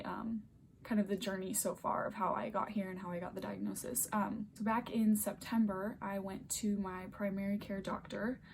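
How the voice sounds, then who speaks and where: A woman's voice: medium pitch, vocal fry, slight background noise. A young woman vlogging at home into a phone camera, earnest and emotional, close to tears, often dropping to a near-whisper as she rambles. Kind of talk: emotional personal vlog.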